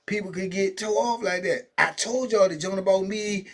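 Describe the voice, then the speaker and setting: Brief: high-voiced, husky man, casual host telling stories in slang. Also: normal speed, fairly bright tone. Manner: loose slang-heavy talk with many asides. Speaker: storyteller, channel host. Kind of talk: casual storytelling vlog.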